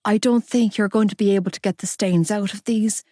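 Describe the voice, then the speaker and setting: Lady doing a crying young woman in an audiobook, high, pleading, dry close sound. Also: steady tone, a little fast, warm tone, no echo, lightly acted. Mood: weary. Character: heartbroken young woman, fierce and loyal.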